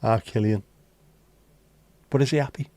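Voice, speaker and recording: A Liverpool man with a Scouse accent hosts a casual livestream, chatting with viewers in blunt banter peppered with swearing. His medium-pitched voice is steady and a little mellow, moving at a normal speed, and the recording is dry.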